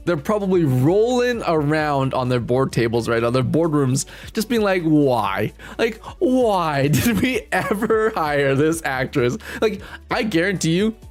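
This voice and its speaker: A young man giving rambling, casual live-stream commentary, laughing often and using lots of fillers while greeting his chat. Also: a little high.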